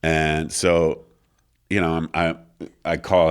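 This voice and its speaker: Very deep-voiced man. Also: unhurried. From France. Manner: animated storyteller, acts out quoted dialogue, many fillers. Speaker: interview guest. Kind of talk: casual storytelling interview. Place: recording studio.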